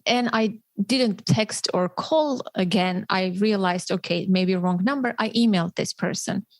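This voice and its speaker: A woman hosting a podcast interview, telling a personal story in an animated way, with frequent restarts. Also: mid-range voice, unhurried, no echo. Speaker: podcast host.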